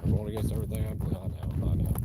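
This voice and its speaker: A man's voice: on the low side, completely flat delivery, very fast. A man from East Tennessee, chatting bluntly and profanely as he works on a job site. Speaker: handyman vlogger. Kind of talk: casual chat while working. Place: outdoors at a rural work site. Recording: loud outdoor background noise.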